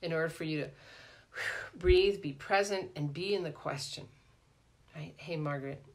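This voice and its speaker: A middle-aged woman coaching in a casual live stream, animated and chatty, often ending points with "right?" and greeting viewers by name. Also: sits low, a little slow. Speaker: life coach hosting a live Q&A.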